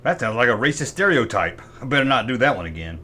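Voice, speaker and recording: A man's voice: medium pitch, sing-song, fast, pushed and bright, slightly rough. A middle-aged man hosting a comic toy review. He makes sarcastic asides and imitates sound effects with his mouth. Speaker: toy collector host.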